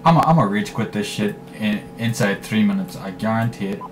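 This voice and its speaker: A man giving live commentary over his own shooter gameplay, swearing freely and trash-talking in bursts of excitement. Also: lowish voice, a little fast, music in the background. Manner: profane, excitable trash talk. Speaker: gaming commentator.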